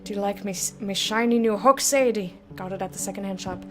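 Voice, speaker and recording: A woman voicing a gruff, boozy male painter with a peg leg, in a rough put-on Irish-Scottish brogue. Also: medium pitch, a little fast, music in the background, lightly acted. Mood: proud.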